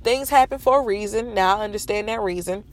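Speaking a little fast in a mid-range voice, a woman vlogger in her thirties tells viewers a painful story from her parked car in a school parking lot. She is frank and emotional, and her nose is stuffy from holding back tears.

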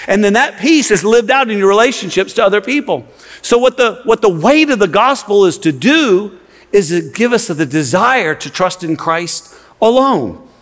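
A pastor with a high, lively voice preaches a sermon at normal speed in a church sanctuary. He's impassioned, repeating words often to drive his points home, and the large hall gives a long reverb.

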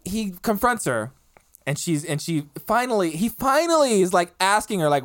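A woman casually retelling a play, animated and swearing, acting out the characters' lines as she goes. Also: mid-range voice, moderate pace, no room sound, studio quality.

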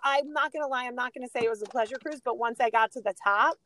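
A middle-aged woman co-hosting a podcast, telling animated stories and laughing often in a casual chat. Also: a little high, quick pace, slight background noise. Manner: animated storytelling, laughs often, gives shout-outs. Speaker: podcast co-host.

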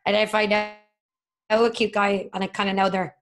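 A woman's voice: medium pitch, level tone, a little fast. A woman in casual chat, giggly, acting out her own quoted dialogue.

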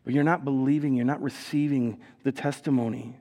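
A man preaching a sermon in a church as pastor, telling stories with animated delivery and acted-out voices. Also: medium pitch, a little fast. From Minnesota. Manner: animated storytelling, acting out voices, laughs.

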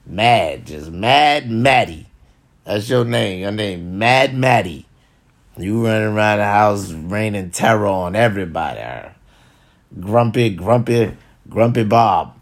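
Man with a low voice, ranting at camera; preachy, repetitive, swears constantly. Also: gravelly. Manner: repetitive, preachy and heavy with cursing. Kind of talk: profane comedic rant to camera.

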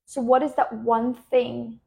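A woman podcast host and business coach, speaking slowly and soothingly as she guides a relaxation and coaching reflection. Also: on the high side, little pitch movement, creaky, mellow.

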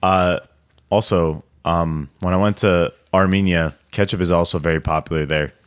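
A man's voice: deep voice, steady tone, moderate pace, smooth. A young man co-hosting a podcast, chatting in a rambling, enthusiastic way with many fillers. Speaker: podcast co-host. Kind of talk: casual chat.

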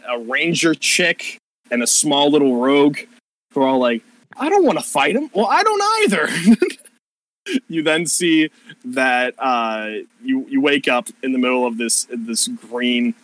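A man's voice: medium pitch, fairly even intonation, measured pace, a bit bright, no room sound, rough recording. A man narrating a tabletop game as game master, casual and profane, rambling with plenty of fillers.

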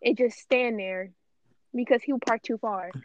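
A woman with a high voice speaks emphatically in casual chat, pressing her point by repeating it. The sound is close and dry. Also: steady tone, unhurried, no room sound, muffled recording.

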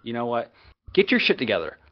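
A man co-hosting a sports podcast, ranting in a heated, profane, rapid-fire way. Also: medium pitch, wildly swooping pitch, muffled recording. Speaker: podcast co-host.

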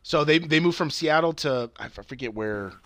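A man's voice: on the high side, expressive, moderate pace, fairly bright tone, no echo. Rambling, swearing man recapping a show. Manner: rambling, swears a lot, many fillers and restarts. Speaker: podcast co-host. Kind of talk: casual chat recapping a TV show.

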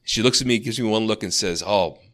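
A man's voice: lowish voice, fast, a bit bright, slight background noise. A man co-hosting a podcast, casually telling a long dream story, full of "like" and restarts. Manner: rambling storyteller, lots of "like". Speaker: podcast co-host.

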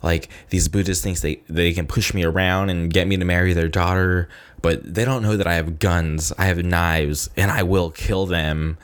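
A man's voice: deep voice, steady tone, moderate pace, close to an everyday voice. A man doing an agitated, ranting stranger. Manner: intense, rambling, conspiratorial.

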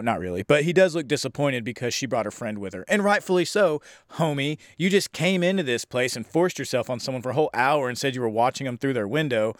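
A young man casually reviewing an old horror film, rambling, sarcastic and profane, acting out scenes in quick voices. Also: mid-range voice, no echo, studio quality.

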